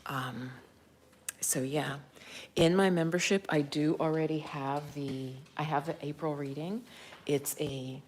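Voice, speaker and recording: In a deep voice with fairly even intonation and a slightly slow pace, a Jamaican-accented woman in her fifties from Jamaica chats casually on a live stream. A spiritual life coach, she recounts stories animatedly, acts out what people said and laughs frequently.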